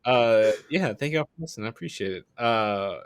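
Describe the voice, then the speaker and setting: A man's voice: moderate pace, crowd noise. A man co-hosting a casual comedy podcast, joking and laughing often, reading out the sign-off. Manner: laughing, joking, animated pitch swings. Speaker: podcast co-host.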